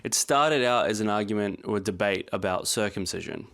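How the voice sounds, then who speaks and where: A man reads scripted commentary with deadpan, sarcastic humor. His voice sits somewhat low and stays steady and conversational throughout. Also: brisk, gravelly. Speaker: video essay creator.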